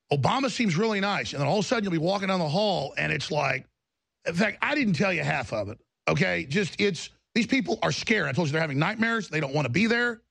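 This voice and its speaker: Male host with a gravel-edged, raspy voice, pushing an impassioned ranting monologue. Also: fairly high pitch, a bit bright, dry recording. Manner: fervent, ranting, emphatic repetition. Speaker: talk show host.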